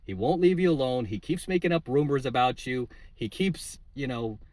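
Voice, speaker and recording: A man with a mid-range, darkish voice rants indignantly to camera at a normal but animated pace, recorded dry. He hosts a channel of coaching videos, and in this casual political rant he keeps tagging lines with "right?" and filling gaps with "uh" and "like."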